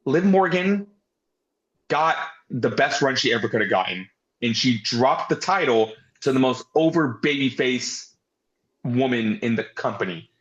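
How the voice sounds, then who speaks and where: A man's voice: mid-range voice, animated, unhurried, a bit bright, muffled recording. A man co-hosting a podcast, talking casually with strong opinions and some swearing. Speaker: podcast co-host. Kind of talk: casual chat.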